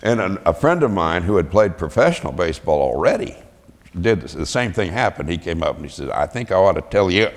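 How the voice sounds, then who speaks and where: A man's voice: low voice, very animated, brisk, big-room sound. An older man, a veteran, telling chuckling anecdotes in an oral history interview and acting out the voices he quotes.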